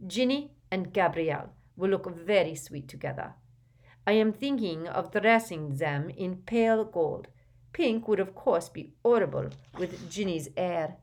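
A woman's voice: lowish voice, expressive, unhurried, a little mellow. A woman doing a chatty Fleur with a French lilt. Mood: gushing. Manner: gushing, self-assured.

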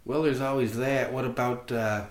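A man's voice: mid-range voice, fairly even intonation, normal speed, roomy sound. A man chatting casually on a podcast, throwing in playful teasing interjections.

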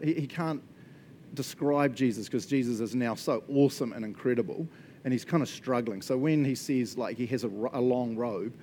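A man preaching a casual, conversational sermon, animated and chatty, often checking in with his listeners. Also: mid-range voice, a little hiss or hum. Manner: animated and chatty, frequent laughs and "right?" check-ins.

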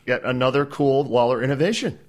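A man's voice: medium pitch, a little fast. A man with a Wisconsin accent, co-hosting a podcast in easygoing, joking chat. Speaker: podcast co-host. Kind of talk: casual chat.

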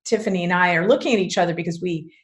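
A woman's voice: on the low side, rapid-fire. A woman who teaches belly dance, talking with a podcast host in casual, chatty conversation over a video call, with many fillers and frequent laughs.

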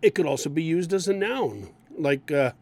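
A man teaching English idioms, explaining each one and acting out example lines in an animated way. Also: a little high, normal speed.

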